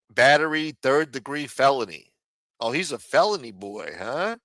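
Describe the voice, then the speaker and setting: A man's voice: mid-range voice, big pitch swings, normal speed, fairly bright tone, no echo, clean studio sound. A man hosting a live commentary stream, sarcastic, profane and mocking as he talks. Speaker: livestream host.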